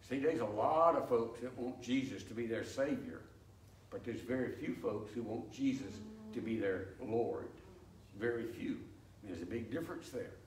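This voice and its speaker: A man's voice: medium pitch, slight background noise. An older man teaching a church Bible study in a folksy, explanatory way, telling homey anecdotes, recorded in a church sanctuary. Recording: echoey, distant, faint ambience.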